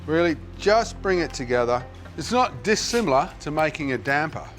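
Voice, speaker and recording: This Australian man hosts a cooking show from a kitchen set, friendly and jokey, thinking aloud as he works into a lapel mic. His voice is on the high side and a bit bright, with lively intonation at normal speed and faint music behind.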